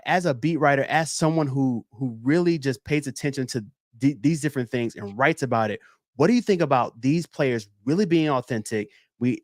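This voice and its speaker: Man, sports podcast host, lively storyteller with an average-pitched voice, recorded very dry. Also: no room sound. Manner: animated storyteller who jumps into quoted voices. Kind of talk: casual sports podcast chat.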